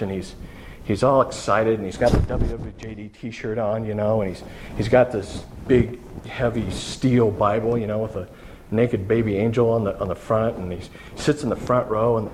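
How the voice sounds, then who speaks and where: Male pastor giving a relaxed, conversational sermon; tells stories with lots of restarts, mid-range pitch. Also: a little hiss or hum. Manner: casual, conversational storytelling with many restarts.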